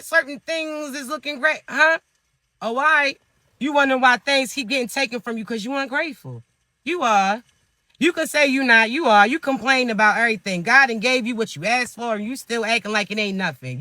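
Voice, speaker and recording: A man's voice: very high-pitched, bright, forceful tone, no echo. A man giving spiritual advice in a monologue, scolding the listener with teasing rhetorical questions. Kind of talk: motivational monologue to viewers.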